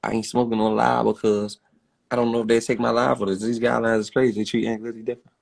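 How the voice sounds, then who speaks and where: Baltimore guy going off on a phone livestream, cussing, mid-pitched voice. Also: flat delivery, fast, creaky. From Baltimore, USA. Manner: blunt, profane, emphatic. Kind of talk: ranting livestream talk.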